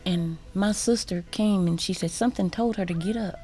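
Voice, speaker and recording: A woman telling a personal story as a radio guest, halting and repeating words, sometimes dropping to a whisper. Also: medium pitch, mellow, slightly rough. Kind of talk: personal testimony in a radio interview. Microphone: studio microphone.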